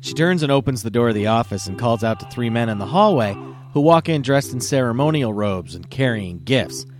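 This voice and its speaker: A man hosting a podcast, casually telling a dirty joke in a profane, animated way. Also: medium pitch, a little fast, soft background music. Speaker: podcast host. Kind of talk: casual comedic storytelling.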